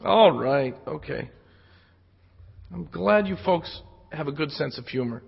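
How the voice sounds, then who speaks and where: A man giving a live technical talk at a conference, casual and joking with the audience, hoarse from losing his voice. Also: fairly high pitch, expressive, unhurried. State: losing his voice from jet lag. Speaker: security conference speaker. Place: conference hall. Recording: lo-fi hall recording with long reverb.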